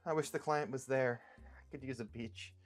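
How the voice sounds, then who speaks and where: Gentle, dreamy woman teammate, soft-spoken, played by a man. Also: medium pitch, fairly even intonation, normal speed, voice pushed down, close to an everyday voice.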